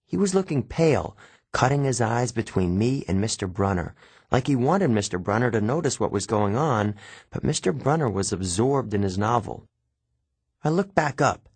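A man narrating a first-person novel with expressive, wry storytelling, recorded close on a studio mic. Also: medium pitch, breathy edge, no echo. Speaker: audiobook narrator.

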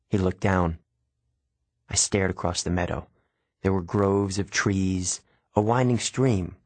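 Low husky male storyteller. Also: no room sound. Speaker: audiobook narrator. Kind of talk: first-person scripted narration.

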